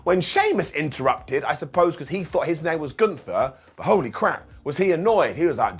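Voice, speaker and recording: A man's voice: medium pitch, big pitch swings, a little fast, hardly any pauses, breathy edge. A man reviewing a wrestling show in a casual, sarcastic recap, acting out quotes in funny voices.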